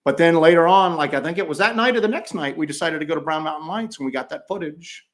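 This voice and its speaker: A man co-hosting a paranormal podcast livestream, telling stories in a joking, animated way. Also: fairly high pitch, quick pace. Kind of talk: casual livestream chat.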